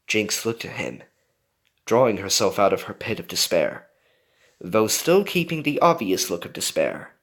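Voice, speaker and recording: Casting note: man narrating a story, low voice, lively intonation. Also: measured pace, gravelly. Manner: animated narration with character voices. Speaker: story reader. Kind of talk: reading a fan story aloud.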